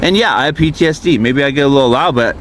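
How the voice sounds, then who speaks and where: A man sitting in his vehicle, telling his grievance in a fast, profane, aggrieved rush while filming on his phone. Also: medium pitch, a little hiss or hum. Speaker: RV park guest filming a police encounter. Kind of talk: agitated venting monologue.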